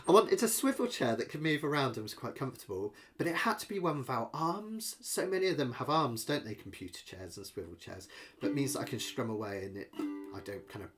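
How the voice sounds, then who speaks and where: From his home, a middle-aged ukulele teacher runs a live lesson Q&A, rambling and chatty, poking fun at himself and using plenty of fillers. His voice is medium-pitched and a bit bright, with slight background noise.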